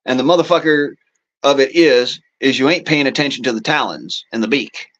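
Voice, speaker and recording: A man's voice: medium pitch, brisk, a bit bright, dull audio. A man hosting a casual political monologue, talking in a rambling, profane way with folksy turns of phrase. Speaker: show host.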